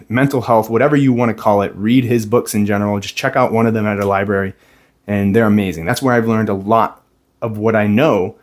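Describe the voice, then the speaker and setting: A man's voice: fairly low pitch, a little mellow. A young man, a stay-at-home dad, talking earnestly and plainly to camera about his own life. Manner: earnest, reflective, plain-spoken. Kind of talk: personal talk to camera.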